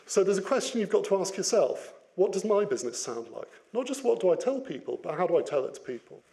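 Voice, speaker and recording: A man giving an interactive business talk, lively and playful, putting questions to his audience. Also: sits high, fast. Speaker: business speaker.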